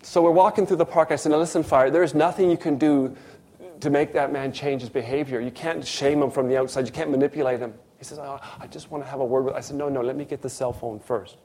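Man preaching an animated sermon. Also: mid-range voice, fast. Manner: animated storyteller, acts out dialogue. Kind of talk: sermon with storytelling.

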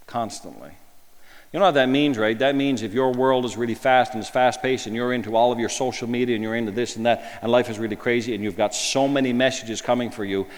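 A man preaching a sermon in a conversational way, asking rhetorical questions and moving between emphatic lines and hushed ones. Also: medium pitch, steady tone, fast talker. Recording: long hall reverb.

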